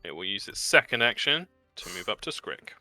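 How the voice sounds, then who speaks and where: A man running a tabletop game as game master, narrating with lively energy and explaining rules. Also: on the low side, moderate pace, dry recording, soft background music.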